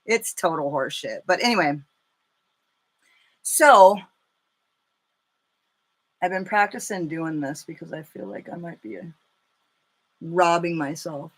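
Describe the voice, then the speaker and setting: A woman in her thirties chatting casually and cursing freely as she does her makeup live for viewers, telling stories with animated energy. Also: on the low side, unhurried, long pauses. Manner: chatty, profane, animated storytelling. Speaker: makeup vlogger.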